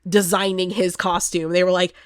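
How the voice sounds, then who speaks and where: A woman giving a casual, animated vlog review as a horror film reviewer, chatty and laughing often. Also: lowish voice, moderate pace, no room sound, clean studio sound.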